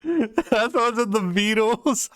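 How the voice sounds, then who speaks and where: A man's voice: extremely high pitch, very slow, fairly bright tone, clear, resonant tone, dry recording, clean studio sound. A man casually commenting over a video as a streamer, joking, swearing and laughing often. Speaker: streamer hosting a watchalong.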